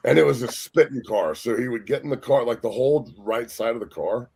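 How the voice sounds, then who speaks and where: A man, a former pro football player, telling profane, animated stories as a guest on a sports talk show. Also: medium pitch, fairly quick, creaky. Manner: profane, animated, acts out quotes.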